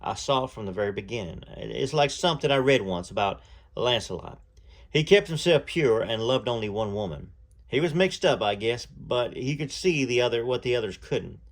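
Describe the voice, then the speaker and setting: A man voicing a shy, earnest young male singer with a Southern accent who stammers and hesitates as he speaks softly. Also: mid-range voice, expressive, moderate pace, natural voice. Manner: stammering, hesitant, soft-spoken.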